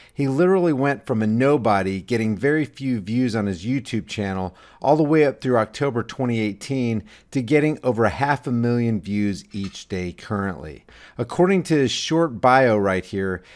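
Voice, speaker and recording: A man's voice: mid-range voice, darkish tone. A man delivering a scripted political commentary voice-over, scornful and full of sweeping, emphatic rhetoric.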